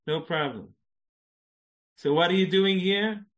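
A man's voice: high voice, slow pace, fairly bright tone. A man teaching an inspirational Jewish class in a chatty way, laughing at his own jokes and mixing Hebrew and Yiddish phrases into his talk. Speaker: Jewish lecturer.

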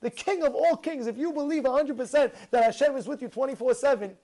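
Talking quickly in a very high-pitched voice, a man delivers a casual religious talk. He's animated, piles on rhetorical questions, and keeps repeating and restarting what he says.

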